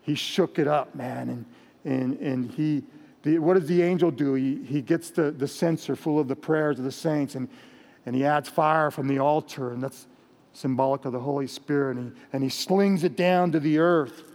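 A man's voice: a little high, moderate pace, darkish tone. A man with a Mexican American accent preaching a sermon as pastor, earnest and direct, often repeating his phrases. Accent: Mexican American English. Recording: long hall reverb.

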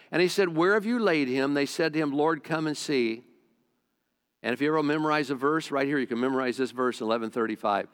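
A middle-aged male pastor delivers a heartfelt sermon in a slightly high voice. He talks in an earnest, conversational way, repeating points and shifting between quick and slow phrasing. His voice rings out with a long hall reverb. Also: fairly bright tone. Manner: earnest, repetitive, conversational preaching with shifting pace.

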